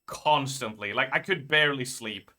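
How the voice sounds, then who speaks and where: A man's voice: medium pitch, normal speed, pushed and bright. A man streaming live, telling a rambling story in casual chat and swearing freely.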